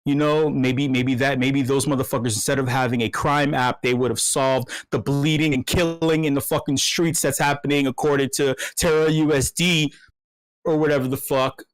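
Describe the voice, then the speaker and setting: A man hosting a meetup, ranting comically in a mock ASMR voice. He is profane, stammers and repeats himself, and swings from hushed talk to yelling. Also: medium pitch, fairly even intonation, moderate pace, no echo, rough recording. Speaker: meetup host.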